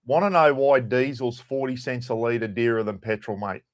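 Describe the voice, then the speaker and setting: A middle-aged Australian man talks easily on a live stream, greeting regulars by name and rambling from topic to topic. His voice sits at an ordinary pitch, and his chat is relaxed and friendly. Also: normal speed. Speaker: livestream host.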